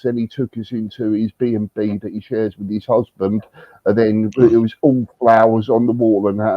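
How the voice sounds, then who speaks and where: A man telling an animated, swearing story on a livestream chat, full of restarts. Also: on the low side, no echo, highs cut off. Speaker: livestream host. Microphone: livestream setup.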